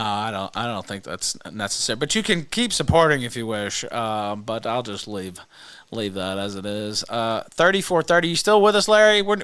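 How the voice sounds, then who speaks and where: A man's voice: medium pitch, a bit bright, smooth, no room sound. A man hosting a livestream in casual, joking talk that often trails off. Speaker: livestream host.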